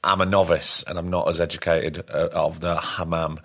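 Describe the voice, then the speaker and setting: A man hosting a casual chat, relaxed and self-deprecating, prompting his guest with questions. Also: low-pitched, normal speed, gravelly.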